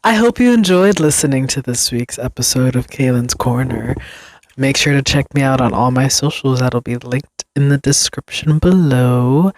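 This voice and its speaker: A woman's voice: a bass voice, moderate pace, darkish tone. A young woman hosting her own podcast, rambling casually about her life, self-deprecating and laughing often. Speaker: podcast host. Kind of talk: casual solo podcast chat.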